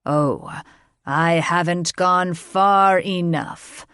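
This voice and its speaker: A woman voicing an arrogant male dragon king who speaks slowly, loudly and with menace. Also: on the low side, clean tone, dry recording, studio quality. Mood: menacing. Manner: growling, slow and commanding.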